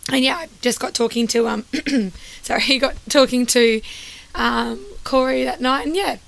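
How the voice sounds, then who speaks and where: A woman's voice: high voice, steady tone, moderate pace, creaky, a bit bright. A woman chatting as a podcast guest, laughing often and talking with many fillers. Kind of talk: casual chat.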